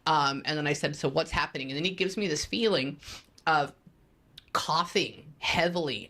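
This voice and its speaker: A young woman with a low, deep-set voice tells her story as a podcast guest. She talks casually and vividly, acting out the voices and sounds she describes as a medium. The conversation is loose and spontaneous. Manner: animated storytelling, acts out voices and pings.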